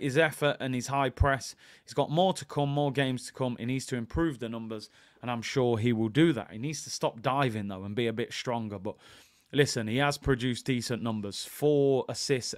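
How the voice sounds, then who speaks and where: A man hosting a casual football reaction video, reading quotes calmly and breaking into excited, jokey asides. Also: mid-range voice, dry recording, clean studio sound. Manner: reads quotes in a calm, even tone, then bursts into excited, jokey asides. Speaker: fan channel host.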